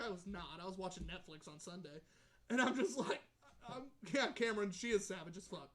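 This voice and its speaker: A man's voice: sits high, animated, brisk, fairly bright tone. Man telling a story on a podcast. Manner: storytelling, swearing, laughing often. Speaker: podcast co-host. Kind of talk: casual chat.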